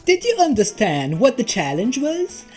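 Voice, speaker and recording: A cheeky co-host with a British accent. The voice is husky, with pitch that swings about. Faint music plays behind it. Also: female voice, huge pitch swings, moderate pace, darkish tone, exaggerated voice. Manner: cheeky and full of slang.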